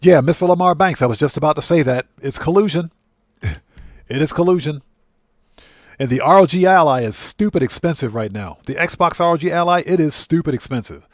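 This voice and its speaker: A man's voice: fairly high pitch, animated, brisk, dry recording, studio quality. A man hosting a livestream, ranting indignantly and greeting chatters by name. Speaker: livestream host.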